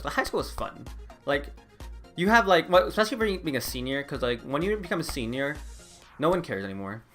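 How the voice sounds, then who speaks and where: A man's voice: mid-range voice, fairly bright tone. A young man in his late teens or early twenties, vlogging in a rambling casual chat, full of "like" and laughs. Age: young adult. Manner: rambling, heavy use of "like", frequent laughs.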